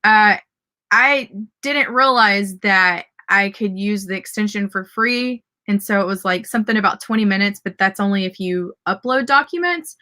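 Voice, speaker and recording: A woman's voice: medium pitch, normal speed, sharp tone. A woman with a Southern US accent hosting a casual live stream, reading out viewer comments and cheering them on. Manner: bubbly and upbeat, cheering viewers on.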